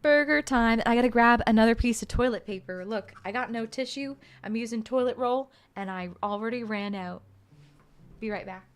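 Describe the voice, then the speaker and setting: A woman's voice: a little high, moderate pace, clean tone. A woman streamer chatting playfully while reading a game aloud and thanking viewers. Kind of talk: casual gameplay commentary.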